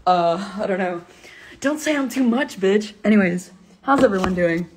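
A woman's voice: medium pitch, animated, moderate pace, loud music behind the voice. A young woman hosting a casual live stream from home, talking in a hyper, rambling, giddy way into her phone. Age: young adult. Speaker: livestream host. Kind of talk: casual livestream chat. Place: at home, alone.

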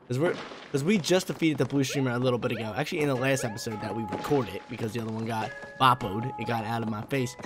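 A young man, a little hoarse, giving laid-back, slangy gameplay commentary with excitable bursts. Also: medium pitch.

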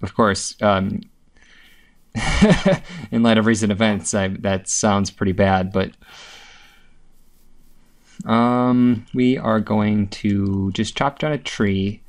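A man's voice: fairly low pitch, fairly even intonation, takes it slowly, pauses often. A man giving casual, rambling commentary on his own gameplay, talking through each step with plenty of ums and frequent swearing. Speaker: gameplay video host.

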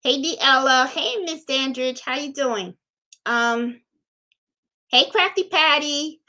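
A woman's voice: high voice, slow, pushed and bright. A woman from Puerto Rico hosting a casual crafting livestream, chatting, thinking aloud and greeting viewers by name. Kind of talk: casual live-stream chat.

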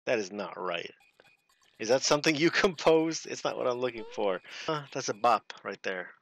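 A man giving lively let's play commentary, laughing and talking back to game characters. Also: mid-range voice, normal speed, gravelly, music in the background. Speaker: gaming video host.

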